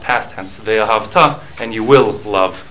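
Halting man teaching a Talmud class. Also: mid-range voice, a bit bright, slight background noise, poor audio. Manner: halting, repeats words, explains with examples.

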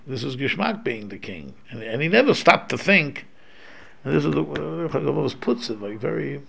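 A man's voice: medium pitch, very animated, moderate pace, creaky, a bit bright, slightly rough. A man giving an informal religious lecture, talking in a loose conversational way with many restarts and Hebrew terms mixed in. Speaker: Torah teacher.

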